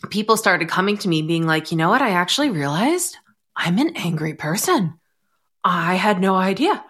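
A young adult woman hosts a podcast in a casual, candid conversation. She talks in a slightly low voice and tells stories in an animated way, acting out the quotes. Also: normal speed. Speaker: podcast host.

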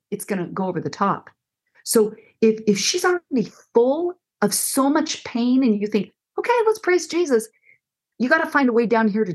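A middle-aged woman counselor explaining listening skills in conversation, animated and acting out example dialogues. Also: medium pitch. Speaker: counselor and guest. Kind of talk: conversational teaching.

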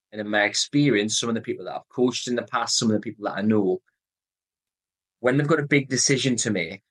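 On a rough recording, a lowish, slightly bright male voice with a breathy edge speaks in a Geordie accent. The North East England host gives solo podcast advice, earnestly walking through a decision method and going back over the main points.

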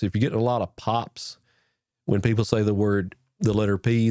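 Low, mellow-voiced man teaching mic technique. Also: no room sound, clean studio sound. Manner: folksy, repeats and restarts while demonstrating at the mic. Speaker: podcast host teaching audio gear. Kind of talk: casual instructional talk to camera. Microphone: boom-arm microphone with foam cover close to his face.

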